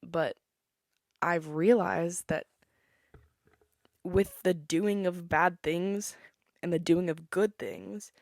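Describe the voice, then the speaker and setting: A teenage girl talks through her own podcast in a chatty, opinionated way. Her voice sits a little low for a woman. The recording is dry and close, with no room sound around her. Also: dry recording. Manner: chatty, opinionated, breaks into song. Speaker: podcast host. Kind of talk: casual solo podcast monologue.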